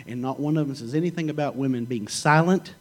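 A man's voice: mid-range voice, quick pace, soft background music, rough recording. A middle-aged man preaching a sermon, telling stories in a folksy, joking way. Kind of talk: sermon with storytelling.

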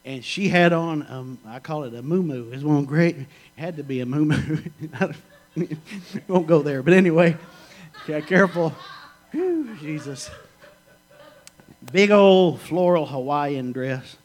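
A middle-aged male preacher with a somewhat high voice. He delivers his sermon in a folksy, joking storytelling manner. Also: expressive, slow, a little mellow, low-quality recording.

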